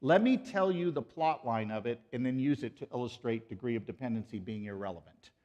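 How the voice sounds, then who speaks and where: A man giving an animated lecture at a conference, joking with and quizzing a live audience. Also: medium pitch, a little fast, highs cut off. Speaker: conference speaker. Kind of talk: pro-life apologetics lecture.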